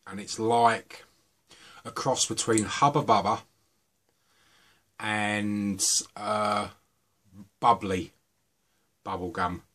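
A man's voice: fairly low pitch, extremely slow, long pauses. A middle-aged man from the UK, chatting casually and rambling a little as he reviews vape juices. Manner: chatty, relaxed, rambling asides.

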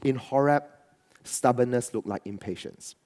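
A man's voice: medium pitch, moderate pace, darkish tone. A man preaching a sermon to his church as pastor, riffing with asides and quoted voices.

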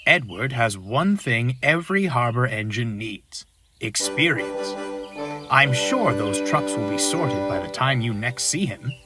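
A man's voice: medium pitch, expressive, measured pace, loud music behind the voice, natural voice. A man voicing a kindly, cheerful old male engine in a storybook reading, with a reassuring manner.

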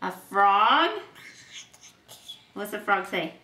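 A woman reading picture books aloud to a toddler, asking patient questions in a slow, playful way. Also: fairly high pitch, animated, sharp tone. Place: home room. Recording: roomy home video from a distance.

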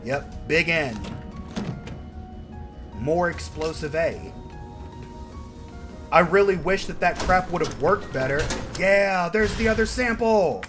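High, jumpy man gaming. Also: expressive, slow pace, pauses often, music in the background. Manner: panicky, yelling and swearing at enemies. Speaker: gamer. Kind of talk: let's play commentary.

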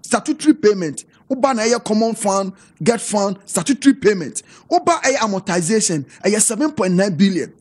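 A Ghanaian-accented man debating on a TV panel, his husky voice swinging widely up and down as he presses each point. He talks emphatically, piling up figures and questions, and slips between English and Twi. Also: sits high, animated, brisk, few pauses, darkish tone. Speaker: political party panelist. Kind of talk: heated political panel debate.

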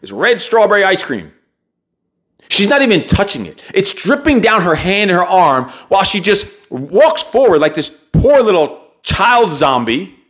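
A man's voice: sits high, big pitch swings, unhurried, fairly bright tone. A man hosting a motivational podcast, talking in a blunt, heavily profane and emphatic rant. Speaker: podcast host.

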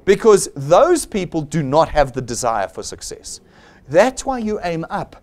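A man's voice: on the high side, sing-song, a little slow, darkish tone. A man with a South African accent giving a blunt, persuasive motivational sales seminar, acting out the people he quotes. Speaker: seminar presenter.

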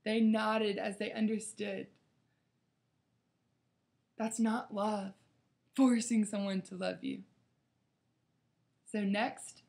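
Slow, gravelly woman preaching earnestly. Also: mid-range voice, a little mellow. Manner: earnest, preaching, acts out quotes dramatically. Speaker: youth Bible study leader. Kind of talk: devotional talk to camera.

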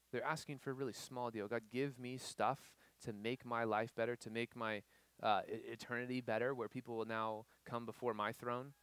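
A young man preaching a casual youth sermon, animated, with many fillers and acted-out quotes. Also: mid-range voice, no room sound. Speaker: youth pastor. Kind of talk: sermon to students.

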